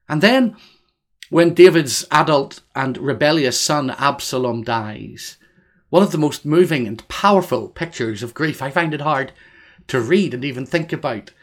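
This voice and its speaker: A man preaching a solemn sermon on grief, reading scripture aloud and crying out its laments with rising force. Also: a little high. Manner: solemn, swells loudly on lament quotations.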